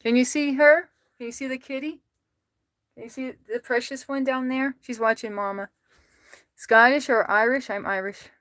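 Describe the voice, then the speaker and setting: A woman's voice: high-pitched, fairly even intonation, normal speed, a bit bright, no echo. An American woman livestreaming from home, chatting casually, reading viewer comments aloud and laughing often as she talks to her cats. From United States.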